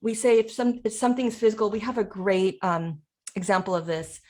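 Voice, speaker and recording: A woman's voice: mid-range voice, fairly quick, darkish tone. A woman who is a parent and educator, talking through ideas in a casual presentation, often acting out what people say.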